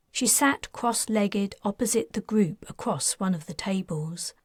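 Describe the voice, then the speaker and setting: A woman narrating her own science fiction audiobook in a measured, even way on a close studio mic. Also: medium pitch, dry recording.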